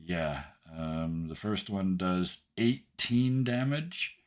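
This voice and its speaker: Acting as game master for a tabletop role-playing game, a man with a very low voice narrates the action slowly and loosely. His intonation is lively, and he pads things with fillers and keeps checking in with "right?".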